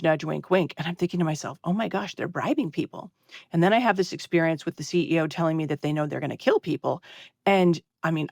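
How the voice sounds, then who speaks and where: A woman's voice: sits low, no echo, clean studio sound. Earnest woman telling her story. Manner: earnest, animated retelling with quoted dialogue. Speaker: interview guest, health advocacy founder. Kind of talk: candid conversational storytelling.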